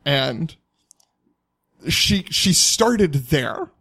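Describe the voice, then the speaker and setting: A young man telling a college story in casual chat, animated and laughing often as he acts out quotes. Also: on the high side, extremely slow, husky, no echo.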